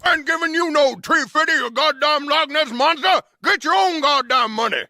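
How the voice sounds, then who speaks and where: Shrill furious cheapskate. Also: male voice, moderate pace, no room sound, clean studio sound, full character voice. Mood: outraged. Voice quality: high shouted put-on voice.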